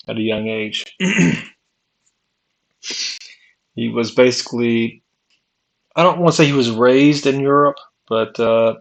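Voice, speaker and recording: A man in his forties talks slowly, drawing out a rambling train of thought. His voice has a gravelly, creaky edge. He keeps stopping, restarting and circling back to the same questions. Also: medium pitch. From United States. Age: 40s. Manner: halting, searching, full of restarts and repeated questions. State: drinking. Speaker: vlogger. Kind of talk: rambling philosophical monologue.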